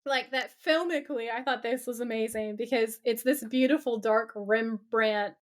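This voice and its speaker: A woman podcast co-host recapping a TV episode in casual chat, animated, swearing freely and acting out lines. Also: a little high, moderate pace.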